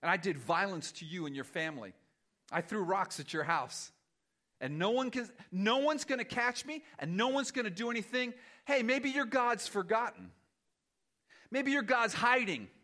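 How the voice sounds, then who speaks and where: Man doing a sneering wicked man, mocking, taunting, raised bright voice, lively swings. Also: high-pitched, normal speed, voice pushed up.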